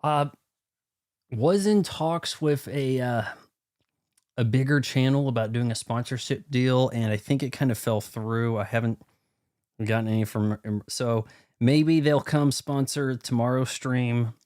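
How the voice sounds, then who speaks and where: This young man has a medium-pitched, somewhat dark voice and takes his time. He's livestreaming a video game, rambling to his chat and poking fun at himself.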